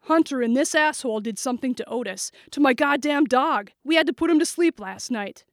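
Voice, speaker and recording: A woman's voice: a little high, animated, moderate pace, dry recording, studio quality. A woman voicing a cold, vengeful teenage boy in an audiobook, speaking icily in clipped phrases. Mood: bitter. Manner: icy, clipped, hardening to shouts. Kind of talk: audiobook character voice.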